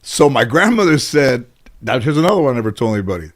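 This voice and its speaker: A middle-aged man from the Los Angeles area, a talk show host telling comic stories about his childhood, animated and swearing freely. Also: mid-range voice, fast talker. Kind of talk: comic storytelling.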